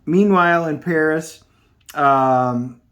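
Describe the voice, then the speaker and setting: Brief: casual male comic reviewer, slightly high voice, rambling recap. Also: takes it slowly, a bit bright. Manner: rambling, with many filler ums.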